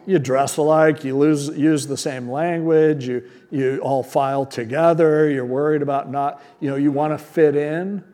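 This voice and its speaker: A man's voice: a little high, fairly even intonation, a little slow, few pauses, warm tone. A man preaching a sermon as pastor, teaching verse by verse in a conversational, plain-spoken way and asking rhetorical questions.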